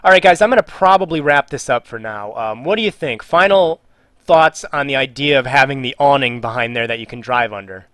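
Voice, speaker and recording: On a live stream, a man with a medium-pitched, slightly bright voice speaks a little fast in a dry recording. He reads viewer questions aloud and answers with jokes, trailing off and muttering as he works, in a casual chat.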